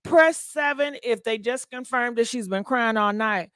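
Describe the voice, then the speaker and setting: A woman's voice: a little high, unhurried, a bit bright, clear, resonant tone, dry recording. A woman hosting a casual gossip livestream, chatting and thanking viewers for donations. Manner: chatty, reads donations and comments aloud.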